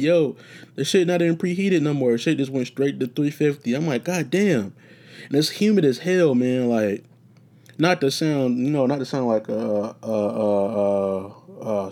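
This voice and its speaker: A man hosts a laid-back solo podcast from his room, rambling and swearing freely as he tells stories. His voice is medium-pitched and mellow.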